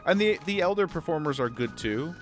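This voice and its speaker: A man streaming casually, chatting loosely and getting excited, swearing freely and repeating himself. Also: fairly high pitch, brisk, faint music behind. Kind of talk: casual livestream chat.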